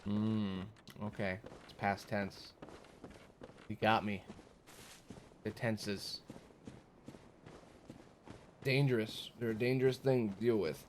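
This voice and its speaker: A young man giving casual live commentary on a game he is streaming, talking back at it in an exasperated way with sudden high-pitched outbursts. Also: steady tone, slow pace, long pauses, slight background noise. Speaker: gaming streamer.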